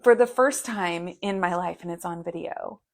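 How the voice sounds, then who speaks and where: A woman's voice: lowish voice, moderate pace, creaky. A woman in her thirties co-hosting a podcast, telling stories in casual chat with lots of fillers. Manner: animated storytelling with many fillers. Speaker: podcast co-host.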